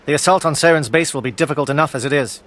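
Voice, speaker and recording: An actor playing a stern, disciplined alien military captain in a video game, speaking in formal, clipped military phrases. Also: male voice, fairly high pitch, very fast, fairly bright tone, lightly acted. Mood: resolute. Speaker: commander briefing troops.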